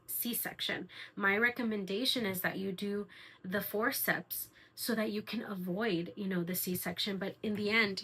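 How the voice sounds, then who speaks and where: Young woman, bright voice, earnest and emotional personal testimony, casual vlog delivery. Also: mid-range voice, breathy edge, low-quality recording. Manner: earnest, emotional, many fillers and restarts. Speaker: vlogger sharing her birth story.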